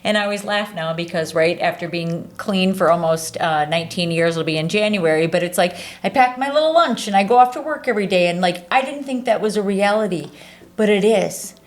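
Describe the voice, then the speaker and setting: A woman's voice: mid-range voice, lively intonation, fairly quick. A woman in her forties speaking earnestly and from the heart in a casual interview, often saying "like" and "right". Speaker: charity staff leader.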